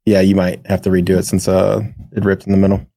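A man with a mellow, somewhat low voice chats as a podcast co-host. He keeps his replies short and relaxed. The recording is dry, with no echo. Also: fast, vocal fry. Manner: laid-back, brief replies. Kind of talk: casual podcast chat.

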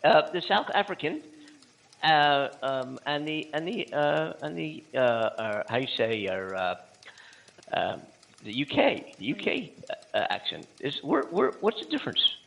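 A man co-hosting a casual talk show, speaking haltingly with many fillers and restarts and laughing often. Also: a little high, very animated, creaky, fairly bright tone, poor audio. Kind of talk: casual chat.

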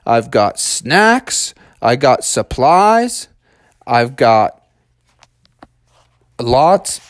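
A man's voice: medium pitch, big pitch swings, extremely slow, no echo, studio quality. A man voicing a cheerful, well-prepared father bear in a family storybook tale, talking in a plain, matter-of-fact way.

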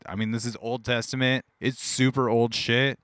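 A man's voice: medium pitch, level tone, moderate pace, a bit bright, clean tone, no echo. A man co-hosting a podcast in casual chat, laid-back and filler-heavy. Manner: laid-back, lots of "like" and "dude", laughs easily. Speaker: podcast co-host.

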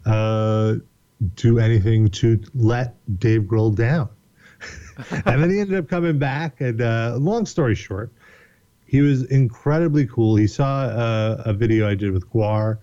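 A man spins a long, rambling story as a podcast guest, animated and quick to swear and laugh. His voice is dark and mellow, and the recording sounds slightly dull. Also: medium pitch. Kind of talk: casual storytelling.

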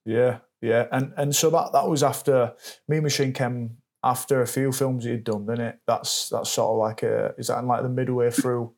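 Male host, mid pitch, casual interviewer, loose meandering questions. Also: steady tone, moderate pace, a little mellow. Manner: loose questions full of fillers and restarts. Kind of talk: casual chat.

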